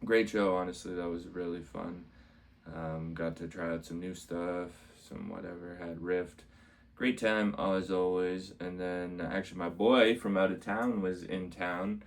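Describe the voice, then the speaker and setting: Deep-voiced rambling male comedian. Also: steady tone, a little slow, creaky. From Canada. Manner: rambling, repeats "amazing", acts out quotes. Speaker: stand-up comedian vlogging. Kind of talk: casual rambling recap.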